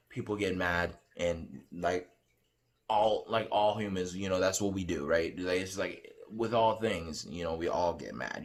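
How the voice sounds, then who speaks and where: A man vlogging as he recounts a dream, talking in a rambling, excitable way with many fillers and restarts. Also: deep voice. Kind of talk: casual storytelling to camera.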